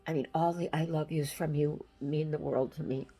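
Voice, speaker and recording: An older woman giving a halting, emotional farewell message, close to tears, with many pauses and restarts. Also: deep voice, fairly even intonation, mellow, husky, faint music behind, low-quality recording.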